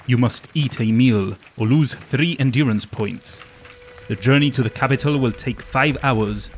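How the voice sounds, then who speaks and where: A man co-hosting a podcast, chatting casually and reading gamebook passages in a relaxed, wry way. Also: medium pitch, slight background noise. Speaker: podcast co-host.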